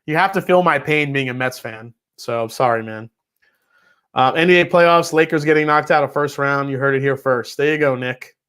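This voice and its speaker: A man's voice: mid-range voice, moderate pace, fairly bright tone, clear, resonant tone. A man with a New York accent hosting a casual whiskey livestream, reading out viewer messages and chatting loosely, with casual swearing.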